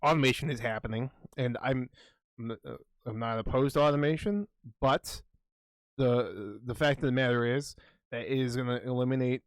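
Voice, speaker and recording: Male podcast co-host, mid pitch, profane and excitable, dry close recording. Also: normal speed, no room sound. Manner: swears constantly, rambling and excitable. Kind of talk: casual chat.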